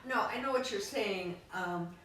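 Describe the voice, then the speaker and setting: A woman co-hosting a podcast thinks aloud during a casual conversation, reflective and full of fillers. Her medium-pitched voice is unhurried and a bit bright. She's recorded from far off in an echoey room with faint noise.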